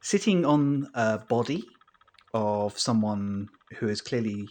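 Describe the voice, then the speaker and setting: A man running a tabletop role-playing game, narrating scenes and calling for dice rolls at a slow, deliberate pace. He pauses often with hesitant fillers as he sets the scene. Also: fairly low pitch, expressive, mellow. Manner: unhurried, with frequent "uh" fillers. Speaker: game master.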